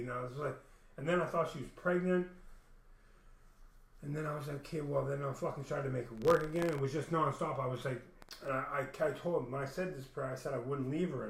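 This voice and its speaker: A young man telling a long, rambling story full of swearing, restarting often and acting out what other people said. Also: medium pitch. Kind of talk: casual storytelling rant. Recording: echoey room.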